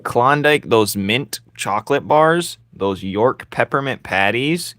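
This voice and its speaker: A man's voice: mid-range voice, lively intonation, slow pace, hardly any pauses, fairly bright tone, no room sound, studio quality. Joking young man streaming while drawing. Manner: joking, teasing, laughs often. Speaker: streamer drawing live and reading chat. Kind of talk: casual livestream chat while drawing.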